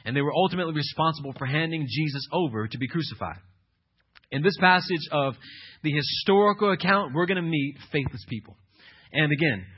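A man preaching a sermon as pastor, swinging from loud emphatic declarations to low, intense asides. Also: husky. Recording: muffled lo-fi sermon recording.

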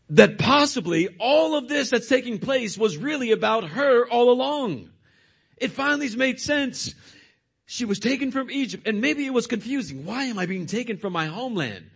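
Expressive, husky-voiced male preacher. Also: high-pitched. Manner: expressive, retells scripture dramatically. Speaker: pastor. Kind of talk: sermon.

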